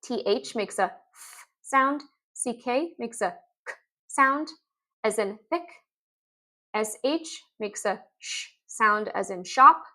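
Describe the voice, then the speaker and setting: A woman explaining reading lessons in an upbeat instructional video, sounding out letters and words slowly. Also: fairly high pitch, animated, pushed and bright. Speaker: literacy teacher.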